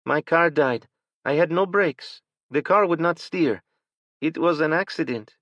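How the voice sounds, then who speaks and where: A frightened petite woman with a thick accent, as a male narrator puts her on speaks in short, halting phrases. The voice is pushed well above his low natural pitch. The recording is dry and somewhat dull. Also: lively intonation, fairly bright tone, no room sound, heavily acted. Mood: shaken. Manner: shaken, halting.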